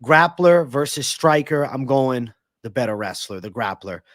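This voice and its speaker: In a close, dry recording with no echo or room, a male host live-streams fight predictions and chats with viewers in a loose, profane, amped-up style. He talks at normal speed in an expressive, mid-range voice.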